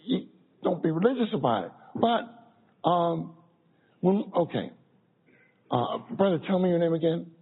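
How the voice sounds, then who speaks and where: A man preaching a sermon to a congregation, repeating phrases and swinging between loud and soft. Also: sits high, very animated, measured pace, pauses often, breathy edge. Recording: tinny phone-like sound.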